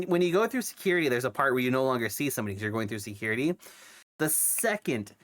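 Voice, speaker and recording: A man's voice: a little high, a bit bright, clean tone. Sick young man chatting on stream. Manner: rambling, with many fillers and restarts. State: sick, coughing and congested. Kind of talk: casual chat.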